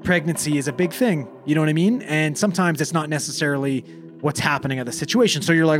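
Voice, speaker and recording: A man's voice: fairly high pitch, quick pace. A young man, a paramedic, casually telling a call story, swearing freely and acting out the dialogue.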